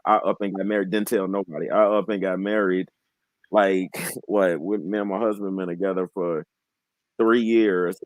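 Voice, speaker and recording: A man in his twenties speaking as a guest on a candid panel. He talks in an earnest, heartfelt way, often halting and restarting his sentences. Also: low voice, no echo, rough recording. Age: 20s. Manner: heartfelt, emotionally open.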